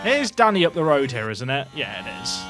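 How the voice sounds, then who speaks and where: A young man live-streaming a racing game, excitable and jokey, shouting at the screen between commentary. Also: mid-range voice, brisk, music in the background.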